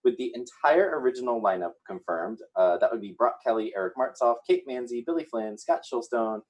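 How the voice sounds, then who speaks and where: Animated man reading soap gossip. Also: mid-range voice, a little fast, poor audio. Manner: upbeat, animated delivery with filler "uh"s. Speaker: co-host reading show news.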